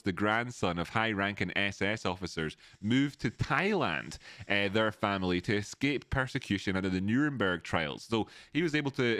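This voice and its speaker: A man hosts a casual live stream, greeting viewers by name and drifting through tangents. His voice sits on the low side. The recording is dry and close, with no room sound. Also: fairly bright tone, no echo.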